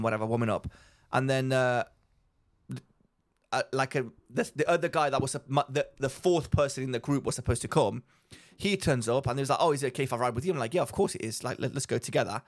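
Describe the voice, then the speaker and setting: A man co-hosting a podcast in casual, excitable, rambling chat. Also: mid-range voice. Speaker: podcast co-host.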